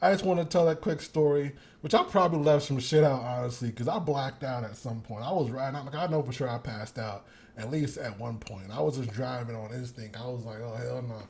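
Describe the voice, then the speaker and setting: A young man hosting a show, telling a story in a casual monologue. He is animated and profane, laughs often, and acts out the quotes. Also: medium pitch, fairly quick. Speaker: podcast host.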